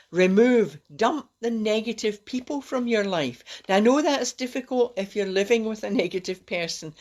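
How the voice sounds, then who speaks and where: A middle-aged woman, hosting a rambling, encouraging self-help talk on a live stream. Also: medium pitch. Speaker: host.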